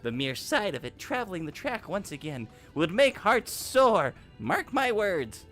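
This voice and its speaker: A man's voice: sits high, sing-song, measured pace, a bit bright, soft background music, full character voice. A man voicing an eager male engineer in a game, with a put-on Cockney accent and theatrical delivery. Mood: proud. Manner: theatrical, grand pronouncements. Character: eager male engineer NPC, proud of trolley.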